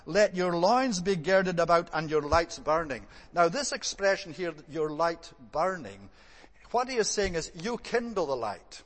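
A man giving an evening sermon. He speaks in a measured, thoughtful way, often pausing on "eh" and "uh.". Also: on the high side, slightly rough, in a large hall. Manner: measured, thoughtful delivery with frequent "eh" and "uh" restarts. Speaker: preacher.

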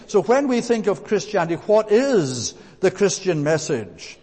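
A man preaching a sermon, emphatic, repeating phrases and slowing down to stress key words. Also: high-pitched, sing-song, darkish tone, breathy edge. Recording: long reverb of a large hall.

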